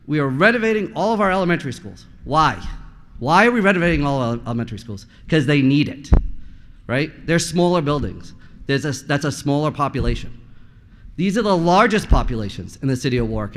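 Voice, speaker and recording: A man's voice: a little high, a bit bright, a little hiss or hum. A man in his forties, a parent speaking at a school committee meeting, blunt and impassioned, with frequent rhetorical questions. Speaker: parent giving public comment. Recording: long reverb in a meeting hall.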